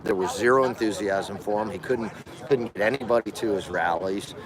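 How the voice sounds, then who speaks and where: Outdoors at a rally by a capitol building, a man livestreams from a protest, combatively calling out passersby and challenging them to come debate. His voice is lowish and his pace moderate, with crowd noise from the rally all around.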